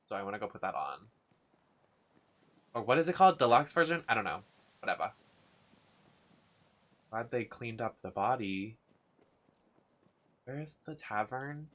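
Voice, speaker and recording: A young man streaming a video game live, chatting casually in an excitable, giggly, gushing way. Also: mid-range voice, unhurried, long pauses.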